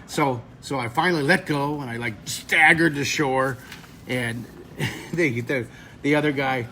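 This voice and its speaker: A middle-aged man teaching drawing, telling an animated story to kids, lively and expressive, leaping into shrieks for effect. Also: mid-range voice, measured pace, a little hiss or hum.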